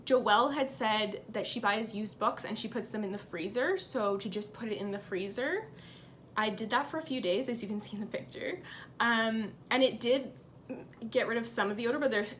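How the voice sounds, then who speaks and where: A woman's voice: a little high, normal speed, a little hiss or hum. A woman hosting a cross-stitch vlog, chatting upbeat to camera and reading out viewer comments at home. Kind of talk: casual chat to camera.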